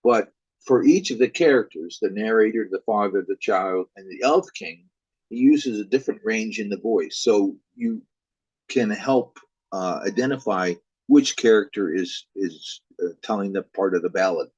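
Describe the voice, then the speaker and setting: A man's voice: lowish voice, normal speed, a little mellow, husky, no room sound, muffled recording. A man teaching a recorded music lecture, speaking hesitantly with frequent fillers. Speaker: music instructor.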